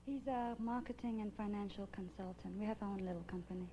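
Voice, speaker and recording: A woman's voice: mid-range voice, fast talker, mellow, a little hiss or hum, low-quality recording. Cheerful woman pageant contestant from Singapore. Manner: cheerful, laughs easily.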